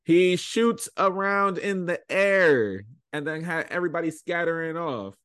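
A man's voice: on the high side, measured pace, fairly bright tone, clear, resonant tone. A man co-hosting a casual podcast recap, talking reflectively with playful quoted asides. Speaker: podcast co-host.

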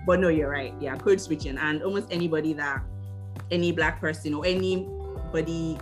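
A woman's voice: sits low, steady tone, normal speed, soft background music. A woman from Nigeria with a Nigerian accent, talking animatedly in a casual chat and laughing often.

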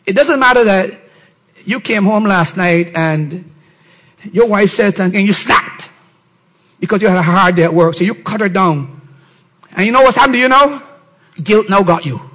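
A middle-aged man, a pastor, preaching a sermon and often rising to shouted emphasis with mocking put-on voices. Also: high-pitched, animated, normal speed, long pauses, low-quality recording.

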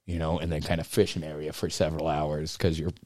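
A man's voice: rumbling low, level tone, fast talker, darkish tone, no room sound, clean studio sound. A man co-hosting a podcast in casual chat, blunt and joking, laughing often and trailing off with fillers. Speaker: podcast co-host.

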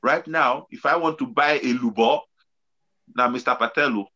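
A man's voice: mid-range voice, moderate pace, bright, forceful tone, highs cut off. A man hosting a casual panel discussion, telling stories animatedly and laughing as he goes. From UK-based. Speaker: host.

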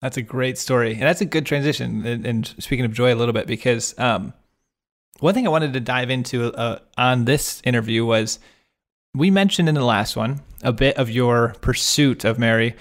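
A man's voice: mid-range voice, normal speed. A man hosting a casual interview, asking long, rambling questions with eager interest. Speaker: podcast host.

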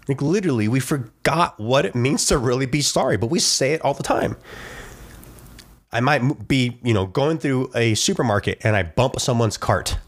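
A middle-aged man hosting a solo podcast, talking in a reflective, conversational way with frequent asides. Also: medium pitch. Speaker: podcast host. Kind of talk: casual solo podcast talk.

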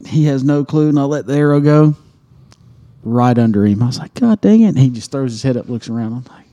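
A man's voice: medium pitch, steady tone, a little fast, mellow, highs cut off. A man on a podcast, telling a hunting story casually, swearing and acting out his own reactions. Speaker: podcast co-host.

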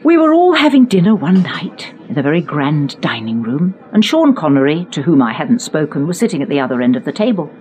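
A woman's voice: sits low, very animated, brisk, few pauses, a little mellow, low-quality recording. An older woman, telling chatty, self-mocking stories from her acting career in a conversation. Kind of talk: anecdotal storytelling in conversation.

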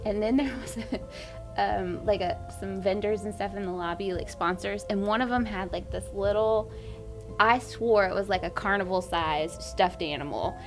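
A woman's voice: mid-range voice, normal speed, music in the background. A Texan woman co-hosting a casual chat, telling a story and acting out the quotes with lots of life. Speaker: podcast co-host.

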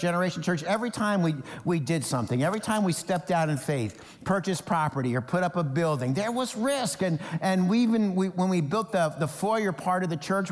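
Man preaching a sermon, from new jersey, high-pitched voice, animated delivery, long hall reverb. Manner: animated, acts out Bible characters in quoted voices. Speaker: pastor.

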